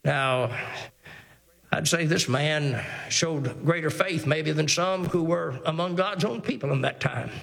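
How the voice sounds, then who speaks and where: A man's voice: a little high, unhurried, creaky, fairly bright tone. A male pastor preaching a sermon. He repeats himself earnestly with stammered restarts and reads scripture in old-fashioned wording.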